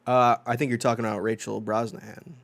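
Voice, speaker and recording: A man's voice: on the low side, level tone, fast talker, gravelly. A man co-hosting a casual comics podcast, teasing the others and laughing often. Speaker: podcast co-host. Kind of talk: casual chat.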